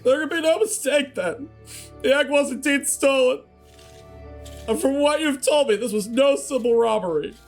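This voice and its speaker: A man voicing a frantic, fussy male chocobo breeder with a put-on French accent, high-strung and melodramatic. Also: normal speed, soft background music. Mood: urgent.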